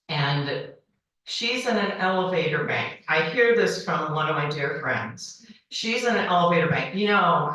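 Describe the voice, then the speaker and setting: In an echoey banquet hall, a distant-sounding woman in her forties delivers a comic storytelling speech. She animatedly acts out dialogue, giving the people in her anecdotes high, squeaky voices.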